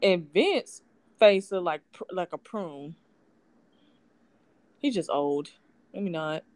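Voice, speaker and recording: A woman's voice: fairly low pitch, lively intonation, slow pace, darkish tone, no echo. A woman co-hosting a podcast in casual chat, blunt and teasing. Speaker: podcast co-host.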